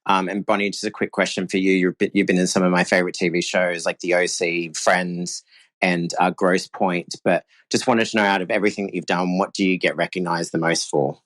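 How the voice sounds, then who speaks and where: A man's voice: low voice, little pitch movement, brisk, a bit bright, no room sound. A man from Australia with an Australian accent, asking an easygoing question in a voicemail. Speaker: voicemail caller.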